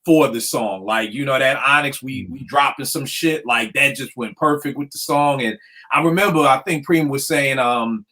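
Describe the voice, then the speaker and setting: A man hosting a casual talk about hip hop beats, a producer telling stories in lively slang. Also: medium pitch, moderate pace. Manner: animated storytelling with slang. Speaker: podcast host. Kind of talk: casual chat.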